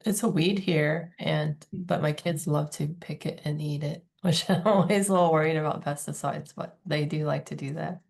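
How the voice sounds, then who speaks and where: A woman's voice: low-pitched, steady tone, moderate pace, gravelly, few pauses, a little mellow. A woman, a parent, chatting casually as a participant in an online class.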